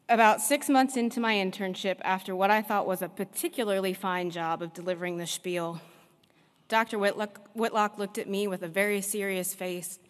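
A veterinarian giving a prepared commencement address, speaking in a measured, earnest way with deliberate pauses. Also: female voice, mid-range voice. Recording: long reverb of a large hall.

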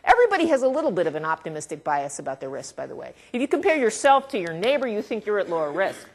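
A woman researcher presenting a talk to an audience, conversational rather than read. Her voice sits mid-pitch and rises and falls a lot. She throws in asides and light chuckles. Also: sing-song, fast talker. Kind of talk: academic lecture to an audience.

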